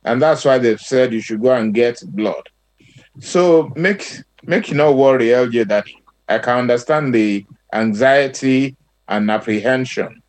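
A Nigerian doctor explains medical matters patiently on a talk show. He speaks slowly, at a middle pitch, and slips into Pidgin phrases. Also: a little mellow. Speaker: guest doctor.

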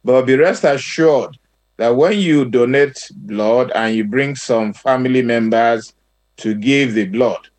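A Nigerian man, a guest doctor, calmly explaining blood types and mixing in Pidgin. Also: mid-range voice, takes it slowly. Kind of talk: explanatory talk show answer.

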